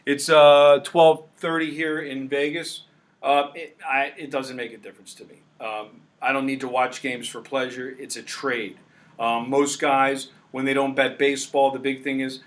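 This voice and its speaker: A man's voice: mid-range voice, little pitch movement, moderate pace. A man hosting a sports betting talk show, brash and emphatic in a salesman-like way.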